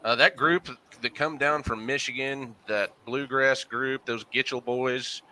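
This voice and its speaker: A man with a very sharp, bright, cutting tone at a middling pitch. He co-hosts a casual podcast and chats in a folksy, enthusiastic way. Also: steady tone, unhurried.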